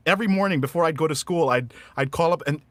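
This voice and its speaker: A man's voice: a little high, fast, fairly bright tone, no room sound. A man hosting a casual live radio-style show, rambling and hesitant, laughing often.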